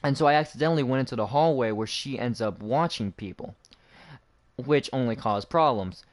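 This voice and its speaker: A young man casually telling a school story while playing a game, animated and acting out the people he quotes. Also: a little fast. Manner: animated, raises pitch to act out quoted people. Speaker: gaming channel host.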